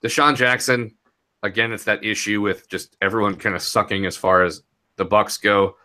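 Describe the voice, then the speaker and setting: A man's voice: fairly low pitch, steady tone, normal speed, sharp tone. A young man talking casually and rambling a bit as he recaps a fantasy football week, laughing easily. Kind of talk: casual podcast chat.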